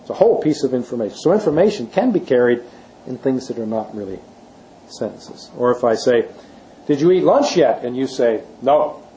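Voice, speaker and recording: A man with a warm, mellow voice teaches a class, explaining step by step. He leans on key words for emphasis and keeps asking his listeners rhetorical questions. A faint hum of room noise sits behind him. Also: medium pitch, a little fast, rough recording. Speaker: Bible teacher. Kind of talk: classroom lecture.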